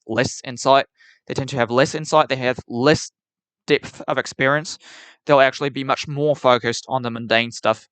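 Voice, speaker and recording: A man's voice: medium pitch, fairly bright tone, clear, resonant tone, no echo. A male streamer talking opinionatedly on a live stream, putting on a New Zealand accent, repeating and restarting words while he answers chat. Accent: put-on New Zealand.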